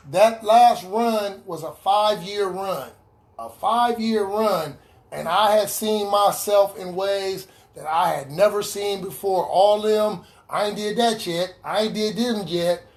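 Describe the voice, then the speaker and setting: Over a video call to an online recovery meeting, a man shares his personal story earnestly. His voice sits high and his pace is measured, and he repeats key lines for emphasis.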